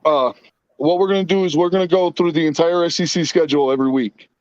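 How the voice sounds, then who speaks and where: High-voiced man hosting a casual podcast. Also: quick pace, dry recording, highs cut off. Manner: storytelling, swears freely. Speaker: podcast host. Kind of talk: casual profane banter.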